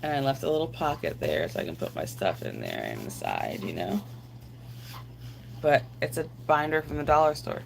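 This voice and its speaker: A woman's voice: extremely low pitch, huge pitch swings, moderate pace, vocal fry, background noise. A woman live streaming, chatting casually and rambling to her viewers while answering their comments aloud.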